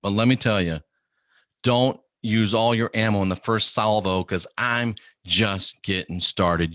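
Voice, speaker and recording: Middle-aged male host, lively preachy delivery, crisp bright tone, dry room. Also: fairly low pitch, measured pace, no echo. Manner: animated, preachy, contrarian rants with mimicked quotes. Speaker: host of an online channel. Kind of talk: livestream monologue.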